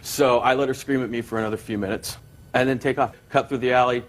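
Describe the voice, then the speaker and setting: A man's voice: mid-range voice, fairly even intonation, fast talker. A man testifying in a courtroom, telling a long story and acting out quotes. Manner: rambling storyteller, quoting with gusto. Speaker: plaintiff.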